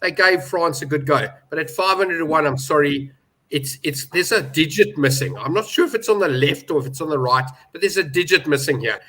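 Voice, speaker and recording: Emphatic bright-voiced man. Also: on the high side, a little fast, poor audio. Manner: opinionated, emphatic about prices. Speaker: betting pundit. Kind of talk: casual panel chat.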